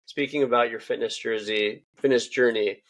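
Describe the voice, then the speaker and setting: A man's voice: mid-range voice, steady tone, moderate pace, fairly bright tone. A young man hosting a podcast interview, chatty and rambling with many fillers. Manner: chatty, rambling, lots of "you know". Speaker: podcast host. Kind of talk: casual interview talk.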